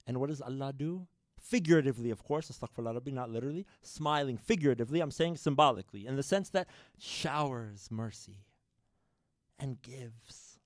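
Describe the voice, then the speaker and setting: A man giving a sermon, telling a story to the congregation with lively shifts in loudness and addressing them as brothers and sisters. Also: mid-range voice, a little fast, dry recording, studio quality. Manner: animated, shifts loudness widely, addresses the audience directly. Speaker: speaker at a religious program. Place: mosque or community hall.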